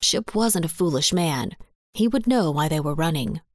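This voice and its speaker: A woman narrating a western story in a steady, even reading voice. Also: low-pitched, normal speed, dry recording, clean studio sound. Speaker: audiobook narrator.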